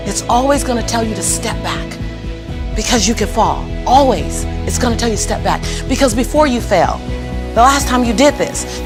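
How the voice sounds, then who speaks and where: A middle-aged woman telling her life story as a guest in an interview, animated and building to preacherly peaks. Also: a little high. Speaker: motivational speaker, guest.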